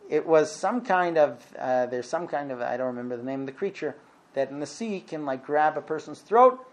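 A man teaching a class, retelling a Talmud story in a halting way, with many ums and self-corrections, and growing lively when he quotes the figures. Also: on the high side, background noise.

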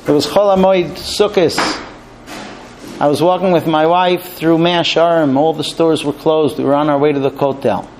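A man's voice: on the high side, darkish tone, a little hiss or hum. A man teaching a Torah class, earnest and conversational, telling a personal story. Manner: earnest, storytelling, with restarts and light laughs.

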